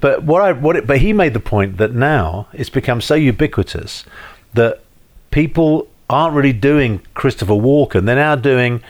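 A man's voice: medium pitch, expressive, moderate pace. A middle-aged British man with a neutral received-pronunciation accent, chatting casually as a guest, hesitant with many restarts and a dry understated tone. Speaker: actor, guest. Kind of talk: casual chat.

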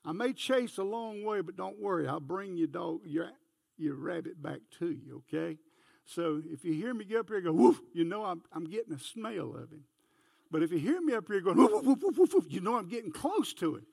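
A man's voice: sits high, lively intonation, fairly quick, creaky, husky, no room sound, clean studio sound. A man preaching a folksy sermon in church, telling homespun stories and talking straight to the congregation. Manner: homespun, anecdotal, talks to the congregation directly. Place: church sanctuary.

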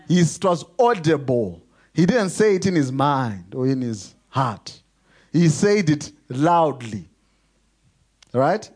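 A man preaching in an emphatic sermon voice, pitched a touch high with a husky edge. He leans hard into key words and draws them out. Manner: emphatic preaching, rising to loud stresses and slowing on key words. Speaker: pastor.

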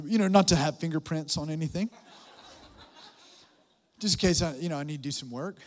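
A young man preaches to his congregation with a high-pitched voice. He is playful and animated, cracking jokes and talking straight to the crowd. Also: fairly quick, pauses often. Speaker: pastor. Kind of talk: sermon.

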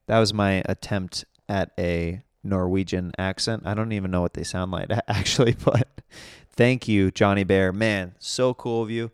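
A man's voice: low-pitched, fairly even intonation, moderate pace, smooth, no room sound, clean studio sound. A man hosting his podcast in a casual, rambling, upbeat way, laughing often. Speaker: podcast host. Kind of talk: casual solo podcast chat.

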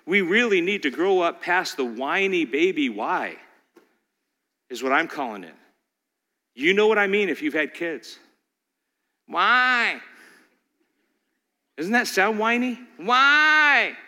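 A man preaching a sermon, his voice high and bright. He fires off rhetorical questions and now and then acts out the voices of the people he talks about. The sound rings out with the long reverb of a hall. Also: very animated, normal speed, pauses often. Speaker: pastor.

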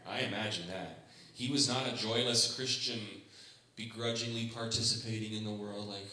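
A man's voice: on the low side, steady tone, moderate pace, pushed and bright. A man preaching a sermon as pastor, conversational and humorous, often acting out the voices he quotes. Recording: echoey room.

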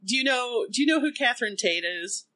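A woman's voice: on the high side, animated, bright, forceful tone. A woman in casual chat who laughs easily and likes to explain things. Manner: chatty, laughs often, quick to explain.

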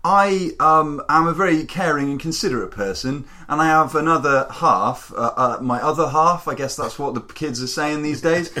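A man co-hosting a podcast, chatting casually with jokes and quick asides. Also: on the high side, sharp tone. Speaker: podcast co-host.

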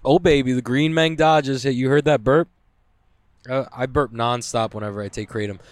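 A man's voice: mid-range voice, fairly even intonation, normal speed, no room sound. A young man ranting to camera in a loose, profane way, full of "like" fillers. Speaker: vlogger. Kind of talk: casual rambling rant.

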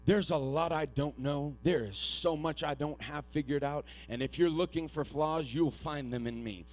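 A man with a fairly high voice delivers an earnest sermon. He tells stories quietly and haltingly with frequent restarts, then rises into loud, shouted exhortation. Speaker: preacher.

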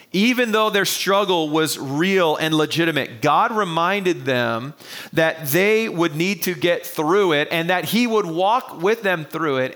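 A man's voice: on the high side, fairly bright tone. A male pastor preaching a sermon to an online congregation, earnest and repeating key phrases for emphasis.

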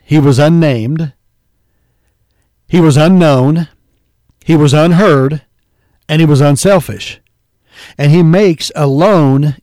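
With a fairly high, slightly mellow voice, a man preaches in earnest, reading scripture aloud in King James wording and addressing people as "folks" and "believer." The clean studio recording has no room sound.

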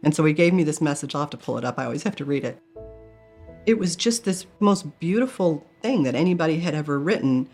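A woman's voice: low-pitched, expressive, quick pace, darkish tone, faint music behind. A middle-aged woman candidly telling a personal story in a testimony style, earnest with flashes of self-mocking humor. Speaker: guest telling a near-death experience.

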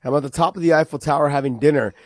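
A man hosting a casual chat, excitable and quick with asides and swearing. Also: a little high, no echo. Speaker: podcast host.

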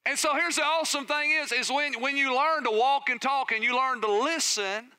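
Bright-voiced preacher man. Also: extremely high pitch, normal speed, no echo. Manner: energetic storytelling preacher, asks the congregation questions. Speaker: pastor. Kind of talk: sermon.

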